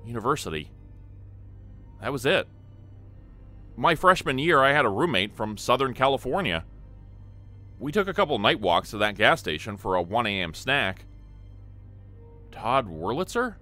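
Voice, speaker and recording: Male storyteller, earnest first-person horror narration, bright voice, faint music bed. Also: mid-range voice, lively intonation, moderate pace, pauses often.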